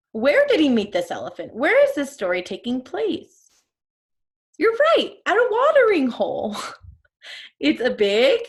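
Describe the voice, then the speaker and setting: A woman teacher reading a storybook to her class, stopping to explain words and ask questions. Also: a little high.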